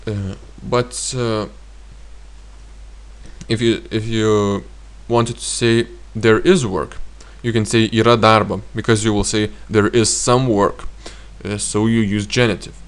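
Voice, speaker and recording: A man with a Lithuanian accent teaching grammar in a slow, halting way with frequent fillers. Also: on the low side. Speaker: language teacher.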